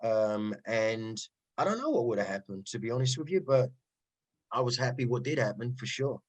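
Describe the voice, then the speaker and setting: Animated Cockney man telling stories. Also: medium pitch, normal speed, low-quality recording. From East London. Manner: animated storyteller, frequent "right?" asides. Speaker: rave MC guest. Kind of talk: casual interview chat.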